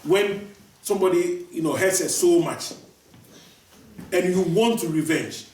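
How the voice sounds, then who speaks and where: A man's voice: high-pitched, a little slow, darkish tone. A male preacher giving a sermon, repeating his key lines for emphasis and often restarting his sentences. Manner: repetitive, emphatic, many restarts. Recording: echoey room, voice from far off.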